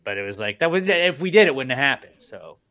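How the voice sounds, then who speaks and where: A man with a bright, forceful voice chats casually as a podcast host. He tells animated stories, swears freely and slips into quick impressions of the people he quotes. His pitch sits in the ordinary middle. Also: dry recording. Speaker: radio morning show host.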